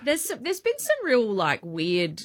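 A woman's voice: a little high, huge pitch swings, a little slow, no room sound, studio quality. A woman with an Australian accent, co-hosting breakfast radio with teasing banter. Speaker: radio co-host.

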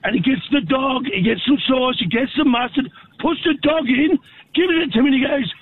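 An Australian man calling in to a radio show, telling an animated story. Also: very high-pitched, brisk, breathy edge. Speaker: caller. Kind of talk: telling a story on a phone call. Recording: tinny phone line.

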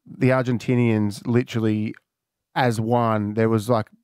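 A man co-hosting breakfast radio, cheeky and full of quick interjections. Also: on the low side, level tone, a little mellow, smooth, dry recording, clean studio sound. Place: radio studio.

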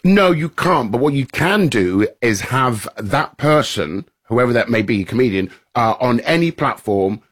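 A man, a comedian chatting casually as a guest, telling animated, joking stories. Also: mid-range voice, measured pace, hardly any pauses. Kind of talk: casual radio chat.

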